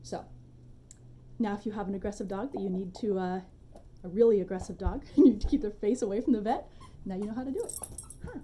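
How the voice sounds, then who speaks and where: A woman dog trainer giving a relaxed, chatty demonstration tutorial at home, with informal asides. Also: mid-range voice, fast, pauses often, slight background noise.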